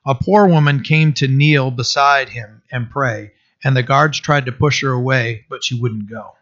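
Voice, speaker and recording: A man reads a historical account aloud at a mid pitch, earnest and a little halting. He often stops to restart or fix a word. The sound is dull and lo-fi. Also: a bit bright. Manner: earnest, halting, with frequent restarts and self-corrections. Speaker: reader.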